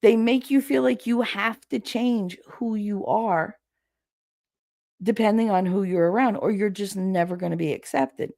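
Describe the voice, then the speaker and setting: A woman's voice: medium pitch, measured pace, gravelly, darkish tone, no room sound, clean studio sound. A woman vlogger telling stories about her family in a blunt, sarcastic, casual way. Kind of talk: casual storytelling.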